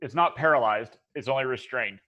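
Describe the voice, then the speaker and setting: A man narrating as game master, relaxed, thinking aloud with lots of ums and uhs. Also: medium pitch, brisk, muffled recording.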